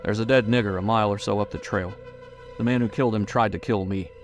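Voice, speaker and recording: A man's voice: fairly low pitch, fairly even intonation, quick pace, faint music behind, natural voice. A man voicing a tough, resentful backwoodsman who answers curtly and angrily. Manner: curt, angry.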